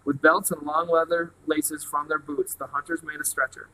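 A man reading a novel aloud in a plain, steady way. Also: a little high, normal speed, poor audio. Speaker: reader.

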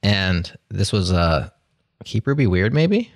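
A man's voice: deep voice, very animated, takes it slowly, no room sound, studio quality. A man co-hosting a podcast in casual chat, wry and opinionated. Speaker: podcast co-host.

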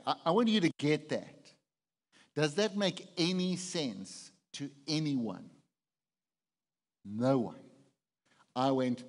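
A man's voice: medium pitch, in a large hall. A man preaching a conversational sermon as pastor, often putting questions to the congregation. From South Africa.

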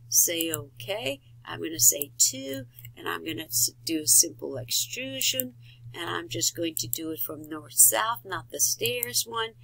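A woman walks through a software tutorial click by click, in a somewhat low voice with a gravelly edge. She talks in steady instructions, with fillers and quick self-corrections along the way. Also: low-quality recording.

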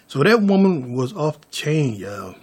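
A man's voice: fairly high pitch, very animated, unhurried, a little mellow, husky. A man vlogging a story to his viewers, stammering through restarts and calling them y'all.

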